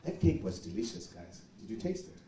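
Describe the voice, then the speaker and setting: A man's voice: sits low, very animated, brisk, heavy background noise. A man hosting a live event as master of ceremonies, playful and chatty with the audience. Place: event venue stage.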